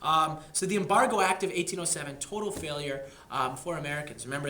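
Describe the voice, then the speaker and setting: A man giving a casual history lecture, chatty and jokey with plenty of slang. His voice is bright and forward, and the room adds a clear echo. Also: fairly high pitch, quick pace. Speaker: history teacher. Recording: echoey room.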